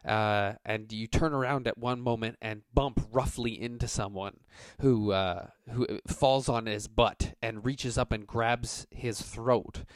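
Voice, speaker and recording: A man with a medium-pitched, clear, resonant voice runs a tabletop game as game master, narrating unhurriedly with hardly any pauses. His style is relaxed and rambling, full of filler words. The sound is clean studio quality with no room echo.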